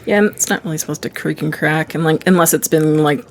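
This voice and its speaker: A woman's voice: low voice, quick pace, slight background noise. A woman co-hosting a casual book podcast, dropping short wry remarks. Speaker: podcast co-host. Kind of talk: casual book discussion chat.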